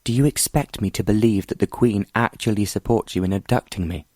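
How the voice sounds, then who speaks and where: A defiant young noblewoman held captive, her voice pitched up a little and pleading in desperate bursts, as a deep-voiced man reads her. The sound is close and dry, with no room around it. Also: a little fast, darkish tone, dry recording, close to an everyday voice.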